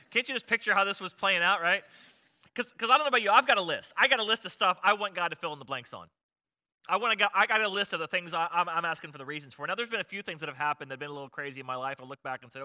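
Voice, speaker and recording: A male pastor gives a chatty, conversational sermon, often turning to his listeners with rhetorical questions. His voice is a little high and very bright, with a sharp edge. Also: very fast.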